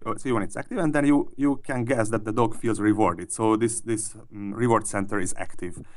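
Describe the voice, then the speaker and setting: A man's voice: fairly low pitch, steady tone, fairly quick. A man, a researcher guest in an interview, explaining his findings thoughtfully with frequent restarts and repeated words.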